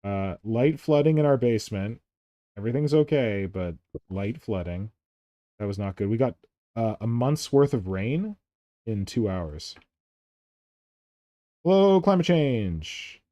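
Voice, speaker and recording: A playful man chats easily while hosting a casual hobby stream. His voice is mellow and a little dark. The recording is dry and close, with no room sound. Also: lowish voice, lively intonation, a little slow, dry recording. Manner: chatty and playful. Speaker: streamer host.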